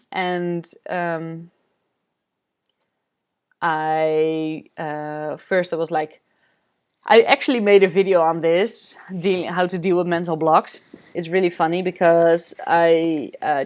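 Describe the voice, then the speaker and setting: A woman from the Netherlands, a spiritual coach, telling a personal story in a candid vlog, halting with many fillers. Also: on the low side. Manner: candid, confessional.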